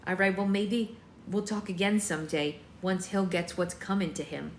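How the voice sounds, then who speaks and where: A woman's voice: mid-range voice, fairly even intonation, moderate pace, slight background noise, close to an everyday voice. Woman reading a blunt young witch, plainspoken, everyday voice, storybook, echoey room. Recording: roomy room echo.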